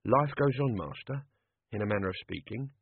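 Male reader as grumbling old servant Albert, low voice, tinny line. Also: normal speed, gravelly, breathy edge, dry recording. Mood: wry, wary. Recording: tinny phone-like audio.

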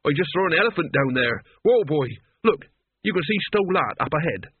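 A man's voice: fairly high pitch, animated, fairly quick, breathy edge, no echo. Man playing a blunt young hero, close to his own voice, dry lo-fi. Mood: anxious. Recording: tinny phone-like dry audio.

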